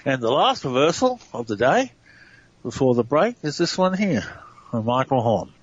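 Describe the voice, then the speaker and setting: A man's voice: mid-range voice, very animated, moderate pace, slightly rough. Chatty man on a lo-fi line. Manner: chatty, laughs easily, apologetic. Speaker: guest researcher. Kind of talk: casual radio talk.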